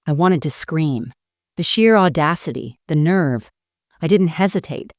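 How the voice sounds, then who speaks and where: A middle-aged woman narrating a first-person family story in a steady, dramatic storytelling manner. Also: low-pitched, unhurried, no room sound, clean studio sound.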